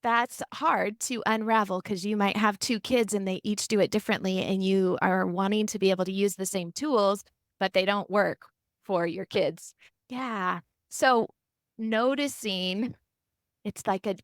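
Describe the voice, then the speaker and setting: Animated gravelly woman therapist. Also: mid-range voice, dry recording, clean studio sound. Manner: animated storytelling, acts out quotes. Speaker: family and marriage therapist, guest. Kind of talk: podcast interview.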